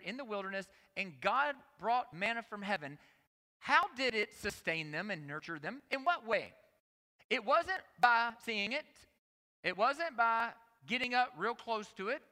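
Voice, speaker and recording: Man, conference preacher, high and bright, emphatic and repetitive, long hall reverb. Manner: emphatic, repeats phrases, talks to the audience directly. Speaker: conference speaker. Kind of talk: energetic sermon.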